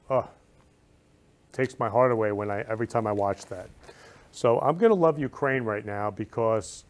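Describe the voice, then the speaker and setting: A man hosting a talk show, effusive and openly emotional, with loud bursts and slow, solemn reading aloud. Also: medium pitch. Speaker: host.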